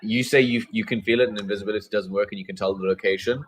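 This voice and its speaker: A man's voice: lowish voice, steady tone, rapid-fire, rough recording. A man running a tabletop game as game master, narrating with many fillers and restarts.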